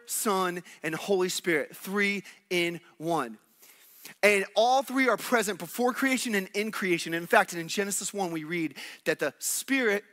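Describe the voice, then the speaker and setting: An animated male pastor preaching with playful energy and acting out the characters. His voice sits high and rings bright and forceful. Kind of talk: sermon.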